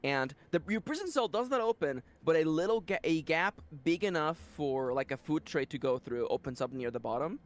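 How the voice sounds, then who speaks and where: A man's voice: a little high, fairly quick, few pauses. Man narrating as a playful game master. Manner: animated, playful scene-setting.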